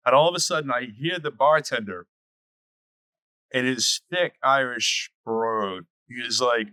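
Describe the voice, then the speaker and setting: Laughing, animated man telling stories. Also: medium pitch, measured pace, smooth, dry recording, studio quality. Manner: animated storyteller, laughs easily. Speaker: podcast co-host. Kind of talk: casual storytelling chat.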